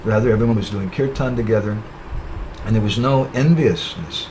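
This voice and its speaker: A man whose voice sits on the low side speaks at a moderate pace, with noise in the background. Addressing an online webinar as a spiritual speaker, he tells a parable in sermon form, often tagging lines with "huh?" or "right?".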